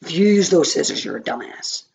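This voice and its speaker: A man's voice: fairly high pitch, lively intonation, fairly quick, a little mellow, muffled recording. A man with a scratchy voice giving a rambling, easily distracted movie review, swearing often. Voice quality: scratchy, gravelly voice.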